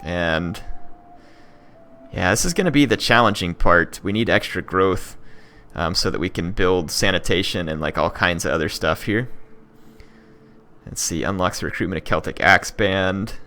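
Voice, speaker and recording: Thinking out loud through a turn of his strategy game, a young man who runs a gaming channel gives casual let's-play commentary at a normal speed. His deep voice carries a bright, pushing edge, and his talk is full of ums, fillers, and restarts he leaves unfinished.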